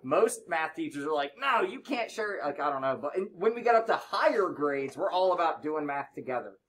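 Brisk joking man teaching a class. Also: a little high, lively intonation. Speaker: middle school math teacher.

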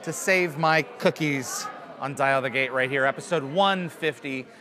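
A man's voice: mid-range voice, measured pace. A man hosting a casual chat at a live convention after-party, joking and self-deprecating. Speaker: podcast host. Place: busy convention venue. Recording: crowd noise behind. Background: chattering crowd.

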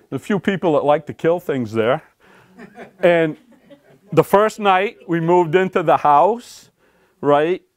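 A man's voice: on the high side, no echo. Folksy man telling warden stories. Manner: folksy, animated storytelling with laughs and acted-out quotes. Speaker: author and former game warden. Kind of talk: storytelling talk to an audience. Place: library talk room.

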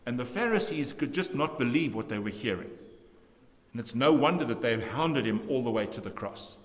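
A man preaching a measured, emphatic sermon as pastor in a church. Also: medium pitch, expressive. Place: church sanctuary. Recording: long church reverb.

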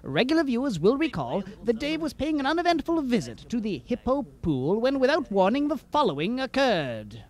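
A man's voice: extremely high pitch, wildly swooping pitch, normal speed, few pauses. A man giving a mock-serious documentary narration that stumbles over its words.

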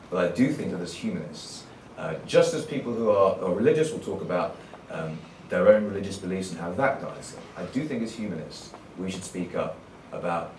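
A man speaking on a conference panel in a measured, earnest way. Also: low voice, slight background noise. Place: conference hall. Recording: roomy hall from far off.

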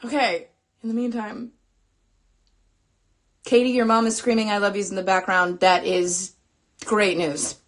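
A young woman hosting a casual live stream, flustered and excitable as she talks to her viewers. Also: medium pitch, unhurried, pauses often.

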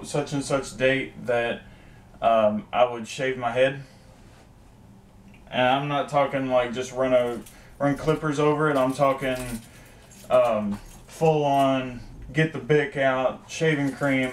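A man's voice: medium pitch, a little hiss or hum. A young man vlogging casually about his day, rambling with lots of fillers and the odd curse. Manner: rambling, profane, many fillers. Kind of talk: casual vlog chat.

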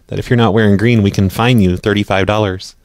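A man hosting a live radio show and making prank phone calls, speaking deadpan and often stumbling over his words. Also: on the low side, fast talker, dry recording, studio quality. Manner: deadpan, stammers and repeats words. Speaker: prank-call radio host.

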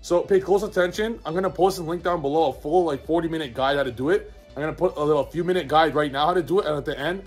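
A young gaming YouTuber hosts a vlog in a husky, somewhat high voice, with faint music playing behind him. He talks fast, hyped and boastful, as he explains a card game.

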